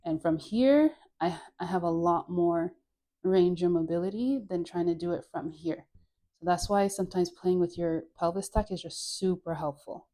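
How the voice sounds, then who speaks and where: A dance instructor with a Caribbean accent leads a guided dance class at a normal pace. Relaxed and playful, she counts out the moves, sighs through deep breaths, and laughs at her own jokes.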